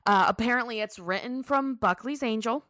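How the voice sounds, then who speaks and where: Bright-voiced woman retelling a story. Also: fairly high pitch, no room sound, studio quality. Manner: animated retelling with quick character voices. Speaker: podcast co-host. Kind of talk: casual recap chat.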